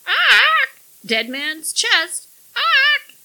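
A woman voicing a mischievous old male pirate parrot in an audiobook, with shrill, loud, squawking cries. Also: huge pitch swings, very slow, gravelly, full character voice. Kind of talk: audiobook character voice.

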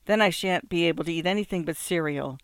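A man's voice: on the high side, quick pace, clean tone, no echo, studio quality, natural voice. A man doing a jovial older husband. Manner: jovial, reassuring. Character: hearty older husband, cheerful and soothing.

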